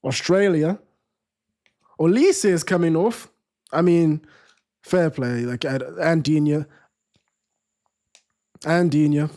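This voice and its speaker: A man's voice: fairly high pitch, slow, pauses often, darkish tone. A man hosting a live football watchalong stream, chatting casually, restarting sentences and reading viewer comments aloud.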